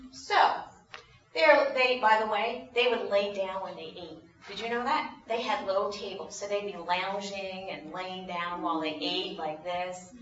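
Woman Sunday-school teacher, bright voice, animated and questioning, recorded from afar in a roomy space with a dull sound. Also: medium pitch, far from the mic. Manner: animated, asks the children questions. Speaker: children's Bible teacher. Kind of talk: storytelling lesson for children.

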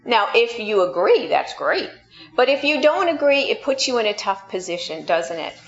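A woman from New York delivers a sermon, her voice sitting a bit high. She tells everyday stories with a playful, sarcastic edge. The sound is echoey and a little dull, as if recorded in a large room. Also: very animated, normal speed. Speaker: pastor.

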